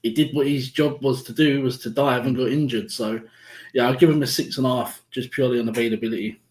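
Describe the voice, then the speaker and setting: Man, fan show panelist, easygoing, laughs between points, echoey room, medium pitch. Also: fairly even intonation, fast talker, a little mellow. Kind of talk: casual live-stream chat.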